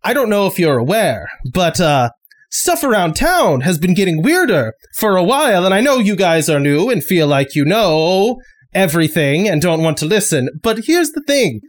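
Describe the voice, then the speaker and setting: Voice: mid-range voice, sing-song, normal speed, close to an everyday voice. A game master voicing an exasperated, sarcastic male town sheriff who keeps repeating himself.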